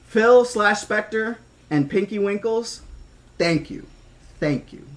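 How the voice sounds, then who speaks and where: A man's voice: sits high, lively intonation, slow. A man streaming live, emotional and near tears, stammering out thanks to his viewers in casual chat. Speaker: streamer reading a novel aloud.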